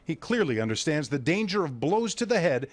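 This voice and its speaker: News reporter guy, kinda high and bouncy voice, faint music under it. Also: fairly quick, no room sound. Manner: lively scripted narration.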